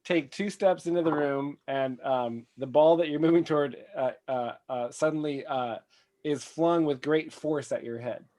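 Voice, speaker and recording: A man acting as game master, narrating in a relaxed, playful, halting way. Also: on the high side.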